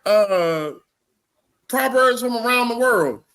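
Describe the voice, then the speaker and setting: A man with a high, bouncing voice and a bright, sharp tone, co-hosting a comedy podcast. He talks unhurriedly in casual banter and keeps breaking into giggles. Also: animated, slow. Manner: giggly, reads out jokes between laughs.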